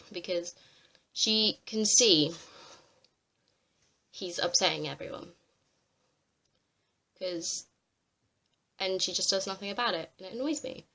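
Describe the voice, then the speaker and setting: A young woman ranting to camera on a vlog, exasperated and swearing freely with animated outbursts. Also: lowish voice, vocal fry. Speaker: vlogger. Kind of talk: ranting commentary.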